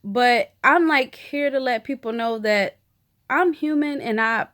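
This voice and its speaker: Speaking in an unhurried, fairly bright, higher-pitched voice, a woman vlogger shares an emotional personal update on video. She's chatty and candid, leaning on fillers like "you know" and "like" while openly working through how she feels.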